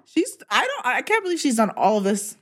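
A woman's voice: fairly high pitch, very animated, brisk. A woman co-hosting a casual podcast chat, easygoing and agreeable. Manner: easygoing, reacts with short agreements. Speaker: podcast co-host.

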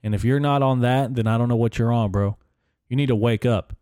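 With a warm, smooth, mid-range voice and a fairly quick delivery, a young man hosts his own podcast and rants casually, full of swearing, sarcasm and rambling. He's close on a studio microphone, with no room sound.

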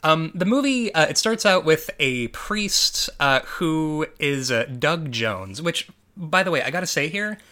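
Male podcast co-host, bright, animated delivery, rambling with fillers. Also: fairly high pitch, a little slow. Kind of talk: casual chat about movies.

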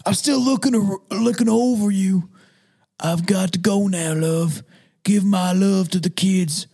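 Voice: mid-range voice, unhurried, dark tone. A podcast host doing a dead grandfather's voice on a ghostly phone call, in a shaky British accent that slides into a southern twang. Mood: fond, reassuring. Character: dead grandfather calling from beyond, fond and soothing. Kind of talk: hammy read-aloud impression in a storytelling segment.

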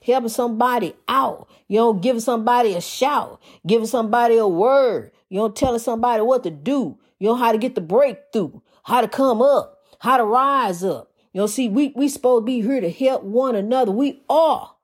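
A woman's voice: fairly high pitch, moderate pace, few pauses, breathy edge. A woman preaching an informal sermon in rhythmic, repeated refrains, folksy and calling her listeners honey.

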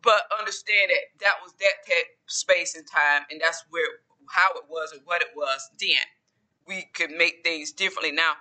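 A man's voice: a little high, moderate pace, bright, forceful tone. A man talking in a casual solo vlog, rambling and often repeating phrases or restarting sentences. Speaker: podcaster and YouTuber.

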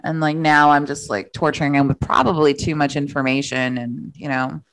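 A woman's voice: deep voice, flat delivery, normal speed, a bit bright, low-quality recording. Chatty woman telling rambling stories. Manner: rambling, self-deprecating, filler-heavy storytelling with frequent laughs. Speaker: podcast guest. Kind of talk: casual chat.

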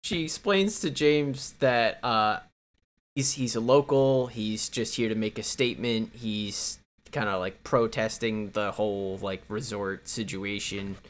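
A man's voice: lowish voice, unhurried. A man co-hosting a casual movie podcast, blunt and profane, retelling scenes with laughs. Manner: blunt, swears, laughs between lines. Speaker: podcast co-host.

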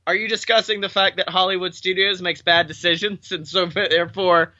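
Bright high-voiced guy cracking jokes on a podcast, laughs a lot. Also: flat delivery, dull audio. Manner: jokey, laughs often, riffs quickly. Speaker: podcast co-host. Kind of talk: casual comedic chat.

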